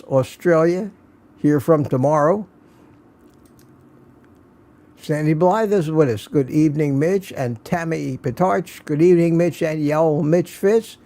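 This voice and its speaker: Gravelly older man hosting a live chat. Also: a little high, mellow. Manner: reads viewer names and comments aloud, folksy. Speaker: livestream host. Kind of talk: casual livestream chat greeting viewers.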